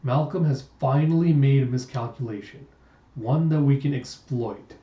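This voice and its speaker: A man voicing a sinister old male doctor, calm and cruel, who draws out his words and drops the ends of sentences low and soft. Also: natural voice. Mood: menacing. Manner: slow, drawn-out menace, name-endings dropped low and soft. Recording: roomy, distant, dull lo-fi sound.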